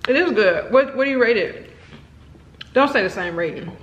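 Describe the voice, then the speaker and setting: A woman's voice: fairly high pitch, lively intonation, normal speed, highs cut off. A woman filming a casual home vlog, chatting playfully with her kids and dog. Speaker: vlogger. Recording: echoey room with faint noise.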